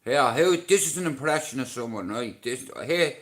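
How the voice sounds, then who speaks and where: On his livestream, a middle-aged Dubliner with a medium-pitched voice talks a little slowly in casual chat. Profane and playful, he trades banter with viewers and yells at commenters.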